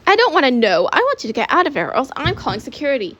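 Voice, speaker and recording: A woman's voice: high voice, huge pitch swings, racing, a bit bright, lo-fi sound, voice pushed up, full character voice. Girl doing a fed-up detention teacher. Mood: exasperated. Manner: exasperated and firm. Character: weary woman detention teacher.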